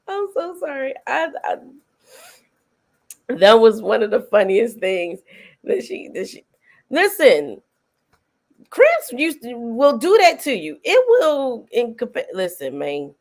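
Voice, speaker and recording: Animated middle-aged woman chatting about films. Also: a little high, takes it slowly, long pauses. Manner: animated, laughs often while retelling scenes. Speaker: host. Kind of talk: casual film review chat.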